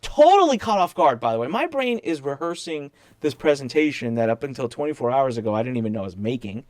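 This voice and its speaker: A man's voice: medium pitch, fast talker, no room sound. A man telling a story in casual chat as a guest, acting out the people he quotes and often restarting his sentences. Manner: animated, acts out quoted people, many restarts.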